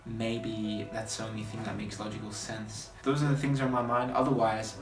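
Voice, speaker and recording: Young man, 20s, from Australia, vlogging his plans from afar, clear music behind. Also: lowish voice, level tone, fairly quick. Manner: thinking aloud, chatty and hopeful. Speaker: footballer vlogger. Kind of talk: casual vlog talk to camera. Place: hotel room at night, indoors. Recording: roomy, distant camera audio with music.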